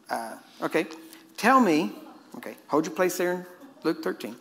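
A man's voice: sits high, big pitch swings, normal speed, long pauses, a bit bright, a little hiss or hum. A man preaching a sermon, emphatic and constantly quizzing his listeners. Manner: emphatic, questioning the audience.

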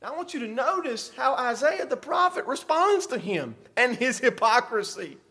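A male pastor preaching a sermon into a close microphone, moving between quiet asides and dramatic shouted passages. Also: very high-pitched, sing-song, moderate pace, breathy edge. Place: church sanctuary.

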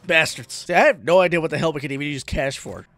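A man hosting a let's play of a racing game, excitable, yelping and cursing at the game and joking about his own driving. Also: on the high side, quick pace, no room sound. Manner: self-deprecating joking. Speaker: gaming video host. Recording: game music behind.

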